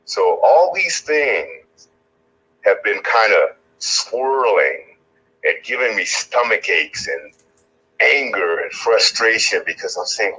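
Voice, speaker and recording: A man's voice: on the low side, sing-song, slow pace, pushed and bright, husky, rough recording. A man running for office, answering interview questions in an earnest, rambling, emphatic way. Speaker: political candidate.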